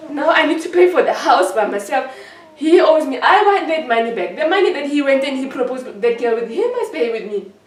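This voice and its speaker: A woman's voice: high-pitched, echoey room, far from the mic. A woman giving an emotional personal account in an interview, hurt and indignant, often repeating herself.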